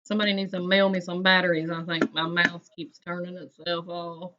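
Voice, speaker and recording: A woman's voice: fairly low pitch, level tone, brisk, muffled recording, background noise. A woman, hosting a casual livestream chat and greeting viewers by name in a folksy way. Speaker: livestream host.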